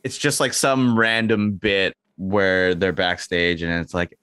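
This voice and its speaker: A man with a fairly low voice rambles through goofy ideas on a casual podcast, full of ums and restarts. His sound is dry and close to the mic, with no room around it. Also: steady tone, normal speed, hardly any pauses, sharp tone, clean tone, no room sound. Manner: rambling, many fillers, acts out quoted lines in a raised voice. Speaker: podcast co-host. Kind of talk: casual comedic chat.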